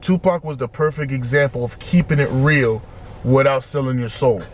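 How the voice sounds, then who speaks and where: A man's voice: medium pitch, moderate pace, a little hiss or hum. A man hosting a casual album reaction, reading out lyrics and talking through them with repeated words and restarts. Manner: animated, quotes lyrics, often repeats himself. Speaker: reaction channel host.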